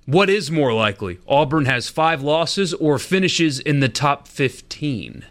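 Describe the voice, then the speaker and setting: A man co-hosting sports radio, giving measured, opinionated takes on teams. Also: fairly high pitch, animated, a bit bright. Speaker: radio co-host.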